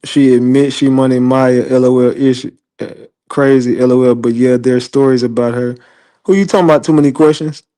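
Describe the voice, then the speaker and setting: A man hosts an online show, delivering casual livestream commentary as an animated, profane storyteller who laughs a lot. His voice is medium-pitched and his pace brisk.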